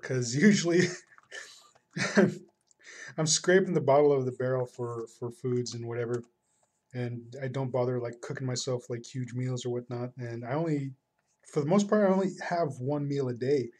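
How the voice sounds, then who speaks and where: A man with a slightly husky voice chatting casually while he draws on stream. He rambles along in a relaxed, laid-back way with frequent laughs. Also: medium pitch, normal speed.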